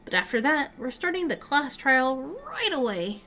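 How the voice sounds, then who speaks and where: A woman's voice: sits high, huge pitch swings, normal speed. A woman voicing a smug, gleefully callous mascot host of a deadly game, taunting the players.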